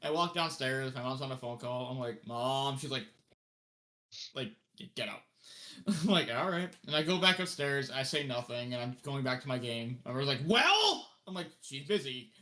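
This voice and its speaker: A young man co-hosting a podcast, telling a story in an animated way, acting out the quoted voices and laughing often. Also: medium pitch, normal speed. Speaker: podcast co-host. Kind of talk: casual storytelling chat.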